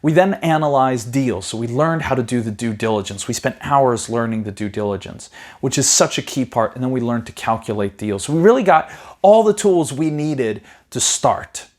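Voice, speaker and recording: A man, a property investing educator, telling his personal story in a conversational way, full of "you know" and quick restarts, livening up when he retells conversations. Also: mid-range voice, animated, a little mellow.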